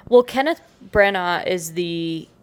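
A woman's voice: fairly low pitch, lively intonation, slow, a little hiss or hum. Dry, teasing young woman. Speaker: podcast co-host. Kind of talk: casual chat.

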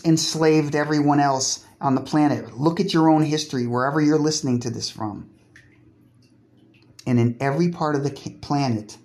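A man's voice: a little high, a little mellow. A man delivering a profane, sarcastic solo podcast monologue while lying in a bathtub. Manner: profane, sarcastic, provocative, breaks off and restarts words.

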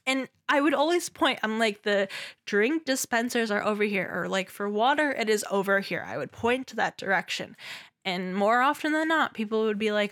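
A young woman hosting her podcast, telling work stories in a lively, chatty way. She laughs a lot as she talks and slips into quick voices for her customers. The sound is close and dry, with no room around it. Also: fairly high pitch, no echo. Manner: animated, laughs often, acts out customer voices. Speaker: podcast host. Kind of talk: casual storytelling monologue.

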